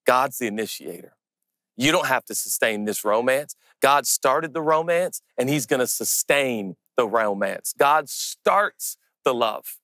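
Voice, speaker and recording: A man preaching a sermon as pastor, earnest and intimate, slowing down to press on key words. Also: medium pitch, lively intonation, sharp tone, dry recording.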